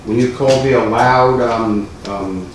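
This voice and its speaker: A man's voice: mid-range voice, unhurried. A man on a library board argues his point at a tense public meeting. He presses and interrupts with a sarcastic, combative edge. His voice rings out in an echoey meeting room, with a faint murmur of room noise underneath. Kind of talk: heated board meeting argument. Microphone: distant camera.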